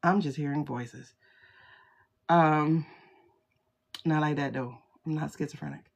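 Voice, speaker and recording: A woman reading tarot cards live into a phone, and she takes her time, drawing her words out at an unhurried pace. She is chatty and exclamatory and greets her viewers by name between cards. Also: deep voice, vocal fry. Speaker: tarot reader livestream host. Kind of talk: casual livestream tarot reading.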